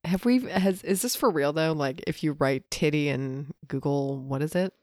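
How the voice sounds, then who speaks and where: A woman co-hosting a podcast, quiet and giggly, chatting playfully with a friend. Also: sits low, moderate pace, dry recording, clean studio sound. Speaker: podcast co-host. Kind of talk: casual chat.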